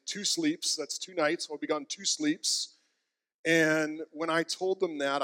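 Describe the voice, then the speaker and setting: A man's voice: medium pitch, a bit bright, long reverb tail. A man in his thirties, a pastor preaching a sermon, telling a heartfelt personal story and acting out quotes. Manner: storytelling, emotional, acts out quotes.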